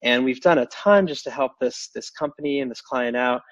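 Halting man in a dry, dull recording. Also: medium pitch, no room sound. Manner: halting, many restarts and fillers. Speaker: podcast guest. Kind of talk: casual interview chat.

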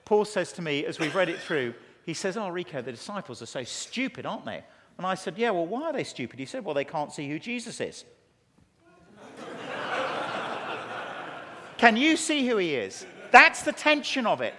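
A man with an English accent preaching a conference sermon, telling stories and acting out quotes in an animated way. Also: high voice, a little fast, few pauses. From England. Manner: animated, storytelling with acted quotes. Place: large conference hall. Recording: long hall reverb.

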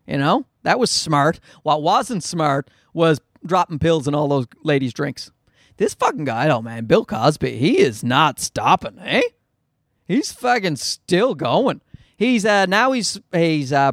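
A man's voice: high-pitched, a bit bright, dry recording, clean studio sound. A man hosting a comedy podcast, riffing in a rambling, profane, self-mocking monologue. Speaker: podcast host.

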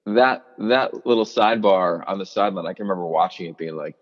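A man's voice: low voice, fairly quick, big-room sound, muffled recording. A man in his forties, a former player and coach, telling stories in an interview, full of fillers and restarts and acting out quotes. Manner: animated storyteller, many fillers and restarts, acts out quotes. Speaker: college football analyst, former player and coach. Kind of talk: podcast interview, storytelling.

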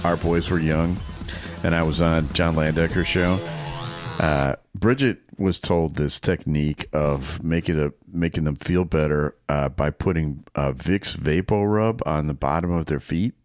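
A middle-aged man co-hosting a podcast in casual chat, wry and quick to laugh. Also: rumbling low, fairly even intonation, soft background music. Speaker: podcast co-host.

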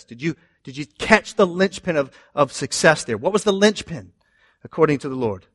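Pastor guy preaching in church, kinda high voice, gets loud on the bible verses. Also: normal speed, husky. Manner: animated preaching, rising loud on scripture quotes, asides to the congregation. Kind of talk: sermon.

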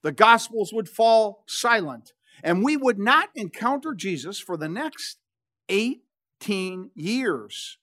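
A man in his sixties, a pastor preaching a sermon, telling the story with dramatic pauses and touches of humor. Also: high-pitched, sing-song, pushed and bright.

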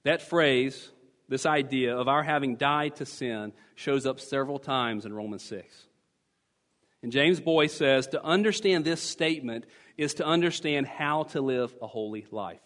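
A man's voice: mid-range voice, measured pace, a bit bright. A man preaching a sermon as pastor, emphatic and teaching, repeating key phrases to drive points home. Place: church sanctuary. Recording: long church reverb.

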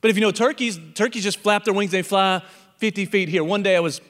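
A male pastor delivers a sermon with a notably high voice, spinning a parable and slipping into the voices of its animal characters. His words ring out with the long reverb of a large church hall. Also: quick pace, fairly bright tone.

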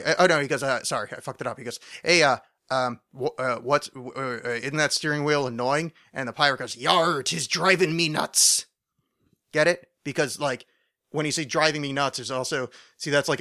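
A man's voice: medium pitch, pushed and bright. A man hosting a solo podcast, rambling in a loose monologue with many fillers, restarts and frequent swearing. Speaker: podcast host.

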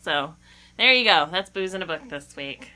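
Woman, podcast host, casual chat, bright voice, lively pitch, laughing. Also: moderate pace. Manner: laughing, chatty, swears casually.

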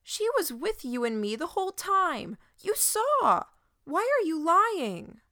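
A calm male preacher, read by a woman. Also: medium pitch, no echo, studio quality, natural voice. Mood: calm, persuasive. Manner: calm, measured. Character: calm persuasive male preacher, middle-aged.

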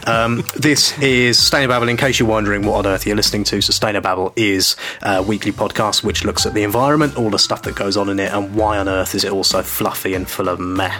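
A man's voice: lowish voice, fairly even intonation, fast talker, few pauses, sharp tone. A young man co-hosting an environmental podcast, jokey and enthusiastic, laughing often. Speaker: podcast co-host. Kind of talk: casual chat.

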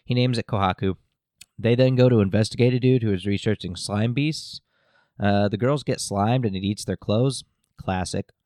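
A man with a low, deep voice chats his way through a loose, filler-heavy recap, jokey and meandering. The sound is dry and close to the mic, with no room echo. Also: moderate pace, darkish tone. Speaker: podcast host. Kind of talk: casual episode recap.

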